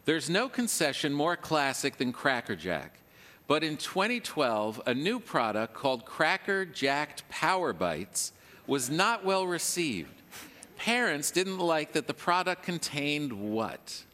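A man's voice: a little high, sing-song, slow, sharp tone, big-room sound. A man hosting a comedy quiz show, joking and laughing often as he asks questions. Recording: live theater with audience. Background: audience laughter.

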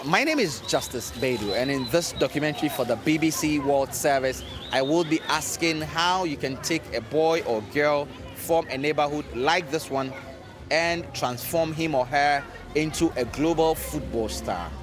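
A man, presenting a radio documentary in an earnest, measured storytelling voice. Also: on the high side, music in the background. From Ghana. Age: 30s.

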